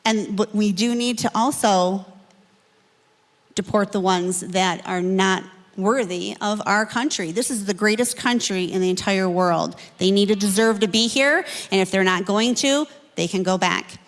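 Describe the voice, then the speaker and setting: A woman's voice: mid-range voice, unhurried. Middle-aged woman candidate, reverberant hall. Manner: chatty, apologetic asides, then firm statements. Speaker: political candidate. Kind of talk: candidate forum answer.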